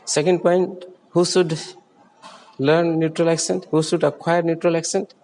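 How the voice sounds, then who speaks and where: A man's voice: on the high side, level tone, a little slow, a little mellow, in a large hall, rough recording. Indian man explaining English sounds. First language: Hindi. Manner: patient, repeats words to demonstrate sounds. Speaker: English accent teacher. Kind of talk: explanatory lesson.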